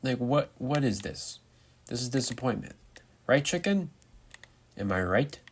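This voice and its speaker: A man's voice: mid-range voice, normal speed, slight background noise. A young man giving rambling, chatty commentary while showing off a game build, playful and loose. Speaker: Minecraft builder. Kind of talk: casual gameplay commentary.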